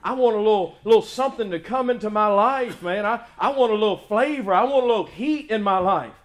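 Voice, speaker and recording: A male pastor preaching a sermon, building to loud emphatic praise and slipping into folksy, joking stories. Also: high-pitched, animated, a little fast.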